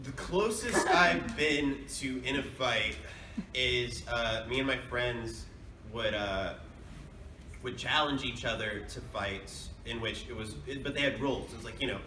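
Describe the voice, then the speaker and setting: A voice actor speaks with a medium pitch and measured pace as he answers fans' questions at a convention panel, chatty, meandering and quick to laugh. The large hall echoes, the mic is distant, and the recording is noisy.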